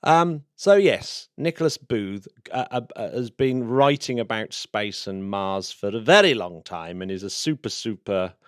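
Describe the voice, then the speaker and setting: A man's voice: lowish voice, animated, smooth, dry recording, studio quality. Chatty man co-hosting a podcast. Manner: chatty, self-mocking, quick to laugh. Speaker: podcast co-host. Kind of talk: casual chat.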